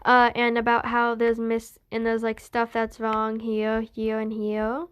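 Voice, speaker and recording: Slow, rambling woman telling a story. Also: a little high, monotone, fairly bright tone, clear, resonant tone, highs cut off. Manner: meandering, full of restarts and "being like". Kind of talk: rambling spoken retelling of a fan story.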